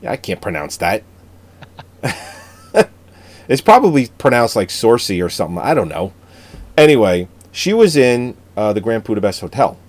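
A man's voice: fairly low pitch, moderate pace, long pauses. A man co-hosting a casual movie review chat, joking, swearing and telling stories. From Italian-American family background. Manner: profane, joking, animated storytelling. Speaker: podcast co-host.

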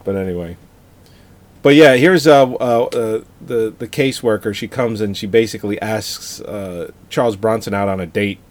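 A man co-hosting a podcast, telling relaxed stories and laughing easily in casual chat. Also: on the low side, normal speed. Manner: laid-back storyteller, laughs easily. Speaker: podcast co-host. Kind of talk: casual movie-review chat.

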